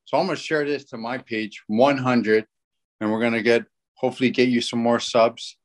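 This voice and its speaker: A man's voice: mid-range voice, fairly even intonation, normal speed. A man in his forties from Canada with a Canadian accent, a podcast guest talking in a laid-back, joking, rambling way. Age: 40s. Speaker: podcast guest, fishing guide. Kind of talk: casual chat.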